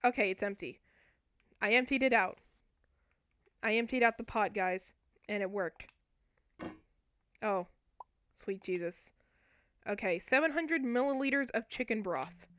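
A woman's voice: fairly high pitch, moderate pace, long pauses, a bit bright, no echo, poor audio. A young woman casually commentating on a cooking game she is streaming, talking playfully to her viewers as she plays.

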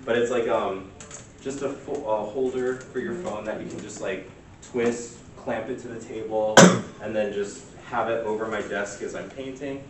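A man presenting at a workshop in a relaxed, chatty way, full of fillers. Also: fairly low pitch, moderate pace, very noisy. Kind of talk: casual workshop talk. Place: church meeting room. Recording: echoey room recorded from far off.

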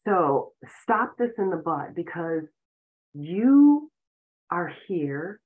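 A woman's voice: on the low side, lively intonation, slow. A woman giving an earnest self-help talk as a relationship and spiritual coach, explaining points with frequent "you know"s. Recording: tinny phone-like audio.

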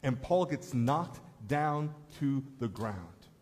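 A man's voice: mid-range voice, very animated, slow pace, darkish tone. A man preaching a sermon as pastor, telling a story in an earnest way that rises to emphatic appeals, in a church sanctuary. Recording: echoey church hall.

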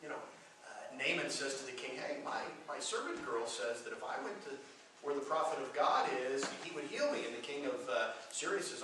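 Male preacher, high bright voice, dramatized storytelling, echoey hall, mic at a distance. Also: animated, moderate pace, a little hiss or hum. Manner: retells scripture with dramatized quotes. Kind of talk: sermon.

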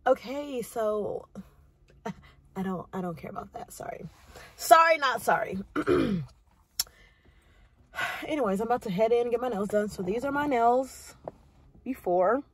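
A woman's voice: on the high side, a little slow, long pauses, breathy edge, no echo. A young woman vlogging, telling stories casually and sassily to the camera, acting out the people she quotes. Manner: animated, sassy, acts out quoted voices.

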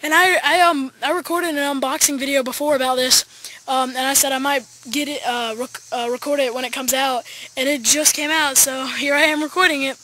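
A male gaming YouTuber giving excited, chatty gameplay commentary from his backyard, talking straight to viewers. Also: extremely high pitch, a little fast, a little hiss or hum. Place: backyard, outdoors.

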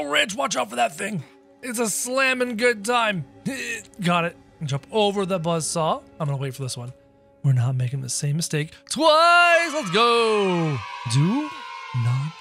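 A man hosting a gaming video with excitable, theatrical commentary, often yelping and shrieking. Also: high voice, vocal fry.

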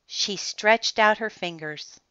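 A woman reading a children's picture book aloud in an expressive, deliberate storytelling manner. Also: medium pitch, clean tone, dry recording. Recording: dull lo-fi, dry sound.

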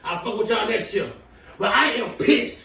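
A man playing a furious, foul-mouthed woman who runs a big city, ranting in shouts and laughter. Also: high-pitched, expressive, normal speed. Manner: shouting, profane, laughing rants. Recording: echoey room, voice from far off.

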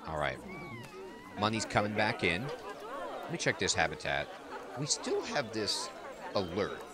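A man's voice: on the low side, very animated, a little slow, a loud crowd, very noisy. A man casually commenting on a zoo-building game as he plays, chatty and amused, talking to the animals. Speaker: let's play host.

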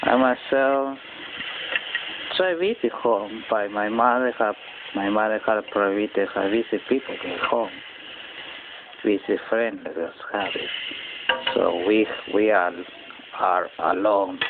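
Slow, halting man, tinny sound. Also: on the low side. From Japan. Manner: rambling, halting non-native English with many restarts. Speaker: channel host. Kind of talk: casual personal monologue. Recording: tinny phone-quality audio with faint noise.

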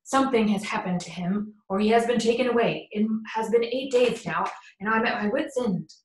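A woman's voice: a little high, a little fast, lightly acted. Brief: woman reading a fearful male butler, pleading, audiobook, echoey room. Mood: worried. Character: loyal, frightened older male butler. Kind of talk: audiobook character voice. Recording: roomy echo.

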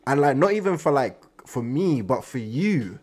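A man hosting an anime reaction video, talking in an excitable, slangy way straight to his viewers. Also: mid-range voice, normal speed. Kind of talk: casual reaction commentary.

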